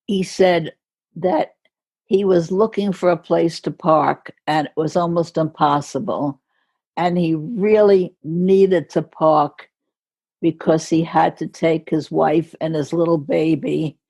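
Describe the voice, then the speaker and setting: An older American woman telling a story slowly and with care, laughing softly between phrases, as a guest on a podcast. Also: sits low, husky. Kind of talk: storytelling in conversation.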